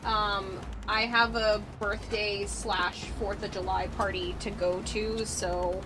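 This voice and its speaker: A woman's voice: medium pitch, little pitch movement, slow pace, background noise. A woman with a Boston accent chatting casually on a livestream while crafting, rambling with lots of fillers and the odd swear. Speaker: streamer. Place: home room with an air conditioner.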